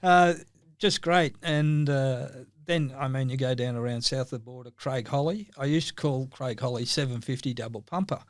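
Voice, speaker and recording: An older man with an Australian accent wanders through memories in a relaxed, anecdotal way, breaking into laughter now and then. His voice sits at an ordinary middle pitch and is heard close and dry, with no room sound. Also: normal speed, no room sound. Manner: rambling, anecdotal, laughs often. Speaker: guest. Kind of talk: casual chat.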